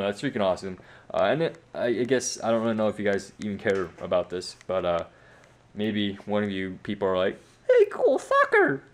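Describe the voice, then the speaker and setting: A teenage boy rambles through a casual home vlog, his voice at an ordinary middle pitch. He talks loosely and is full of fillers and restarts, making fun of himself. He sounds worn out after a hard practice. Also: a little mellow. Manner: rambling, self-mocking, many fillers. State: tired from sports practice. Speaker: vlogger.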